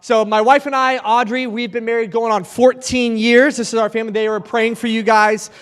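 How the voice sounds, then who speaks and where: A man's voice: extremely high pitch, steady tone, fairly quick, fairly bright tone, clean tone. A man in his thirties giving a joking, conversational youth sermon, telling stories as he preaches. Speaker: youth event speaker. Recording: reverberant hall sound.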